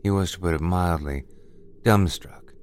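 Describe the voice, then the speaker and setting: A man reading a scripted horror story aloud as a narrator, with measured, deliberate, dramatic delivery. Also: low-pitched, darkish tone, slight background noise.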